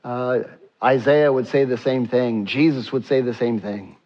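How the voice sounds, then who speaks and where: Man preaching, slow and dramatic. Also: mid-range voice, fairly even intonation, lo-fi sound. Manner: reads scripture slowly, rising then dropping to a hush. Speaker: pastor. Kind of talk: sermon.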